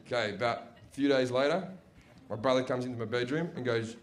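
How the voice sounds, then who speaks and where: A man doing a crude, swearing stand-up routine as an animated storyteller. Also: mid-range voice, fast talker. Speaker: stand-up comedian.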